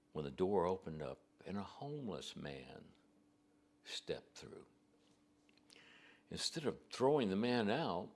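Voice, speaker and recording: Deep-voiced preacher, slow homespun storytelling, conversational. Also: male voice. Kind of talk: storytelling to a congregation.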